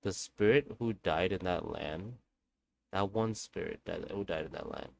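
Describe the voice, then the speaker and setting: A blunt, matter-of-fact village shaman woman gives instructions, as a man quotes her in his own voice. The tone is low and plain, with no real character voice. Faint hiss sits underneath. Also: unhurried, gravelly. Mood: instructing.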